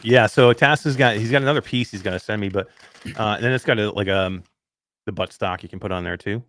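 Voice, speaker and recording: A man's voice: fairly low pitch, fast talker, a bit bright. A man co-hosting a casual talk show, telling stories in a rambling way with lots of fillers and laughing at himself. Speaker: podcast co-host. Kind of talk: casual chat.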